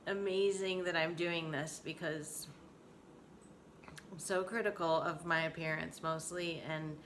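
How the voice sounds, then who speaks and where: A woman in her forties speaks openly to the camera at home for a casual personal vlog, candid, emotional and laughing often. Her slightly low voice is bright and crisp, with a steady tone and measured pace. A faint hiss sits in the background.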